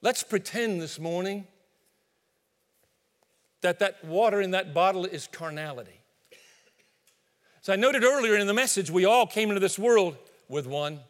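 A man preaching a sermon as pastor, telling an animated illustration and acting out the asides. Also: sits high, moderate pace, long pauses, long reverb tail. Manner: animated storytelling with acted-out asides. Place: church sanctuary.

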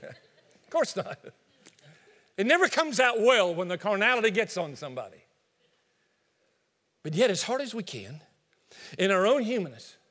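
A pastor delivers a sermon in a high-pitched voice, telling an animated story and acting out little asides as he goes. His voice rings with the long reverb of a church sanctuary.

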